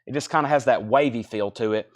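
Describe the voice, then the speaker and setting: A man with a Southern US accent, hosting a live-stream vinyl sale, reading off bids and describing records in a brisk, chatty way. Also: mid-range voice. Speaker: live auction seller.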